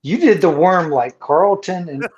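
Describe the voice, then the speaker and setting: A man's voice: sits high, lively intonation, unhurried. Forties marine vet guy telling war-buddy stories, swears a lot, voice swings all over, kinda muffled lo-fi audio. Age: 40s. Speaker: podcast host, Marine veteran. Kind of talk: casual bar-room chat.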